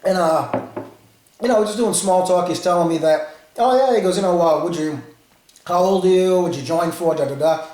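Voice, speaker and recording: A man's voice: high-pitched, moderate pace, darkish tone, reverberant, poor audio. A man from Rhode Island in his forties with a New England accent, telling a rambling story full of asides. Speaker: vlogger. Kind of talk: casual storytelling.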